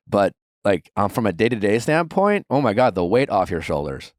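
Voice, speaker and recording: A blunt man in his thirties gives advice on a podcast, emphatic and unfiltered, with a middle-pitched voice. He is recorded close and dry, with no room sound. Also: big pitch swings, moderate pace, hardly any pauses, no echo. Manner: blunt, emphatic, swears freely. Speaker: podcast host giving advice. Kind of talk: casual advice chat.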